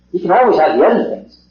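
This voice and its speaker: Man, middle-aged, fairly high voice, earnest lecturer; dull 1950s tape in an echoey hall. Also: slight background noise. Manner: earnest, rhetorical questions, repeats himself. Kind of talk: public talk to a small group. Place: meeting hall.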